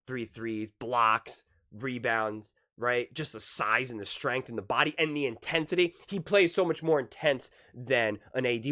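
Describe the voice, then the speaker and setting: His voice a little high and sore from yelling, a man calls basketball in a casual, excitable way, repeating himself with emphasis.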